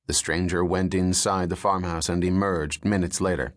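Low-voiced male audiobook narrator. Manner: measured, steady storytelling. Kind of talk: scripted narration.

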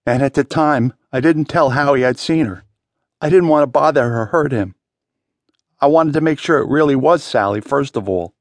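A man's voice: medium pitch, animated, a little fast, dry recording. A male narrator voicing a wounded, frightened middle-aged man who moans in pain as he confesses. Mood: anguished. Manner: pained, moaning, confessing.

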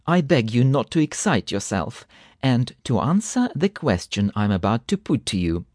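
A man voicing a drowsy, solemn chemist who speaks in a measured, dignified way. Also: mid-range voice, big pitch swings, darkish tone, no echo, studio quality, lightly acted. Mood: grave.

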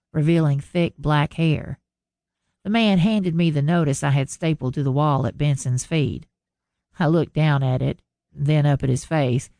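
A woman narrating a first-person contemporary romance audiobook in a measured storytelling manner. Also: deep voice, dark tone, no echo, studio quality.

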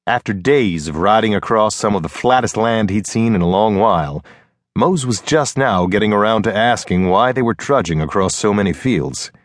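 In a clean studio recording with no room sound, a man with a fairly low voice narrates an audiobook from a script, telling the story in a steady, measured way.

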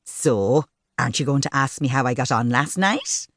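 A woman's voice: extremely low pitch, expressive, moderate pace, no room sound, studio quality, heavily acted. A woman doing a bubbly, cheeky young woman. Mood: chatty. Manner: bubbly and playful. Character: vivacious, cheeky young Irish woman teacher.

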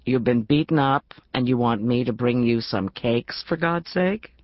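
A woman narrator voicing a husky, blunt, wealthy woman friend who has just been woken and sounds gruff and sleepy. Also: rumbling low, unhurried, dry recording, muffled recording, voice pushed down. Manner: gruff and sleepy, then sharp.

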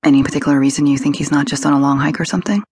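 A woman narrator voicing a brisk, businesslike woman detective close to her own voice. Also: low-pitched, fairly even intonation, a little mellow, husky, full character voice.

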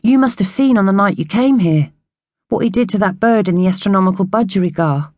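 A woman reading an audiobook, voicing a gentle young orphan boy who talks in an earnest, confiding way. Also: medium pitch, fairly quick, no echo, clean studio sound, close to an everyday voice.

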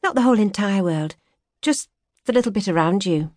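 Narrator lady doing a young yorkshire woman, higher bright voice, teasing and idealistic, dry studio sound. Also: expressive, dry recording, natural voice. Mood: earnest. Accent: soft Yorkshire. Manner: teasing, idealistic, quick to mock. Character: young Yorkshire woman graduate, earnest and sharp-tongued. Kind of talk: audiobook character voice.

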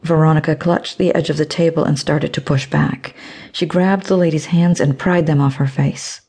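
A woman reading an audiobook in a measured, even storytelling manner. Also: deep voice, slightly rough. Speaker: audiobook narrator. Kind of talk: scripted audiobook narration.

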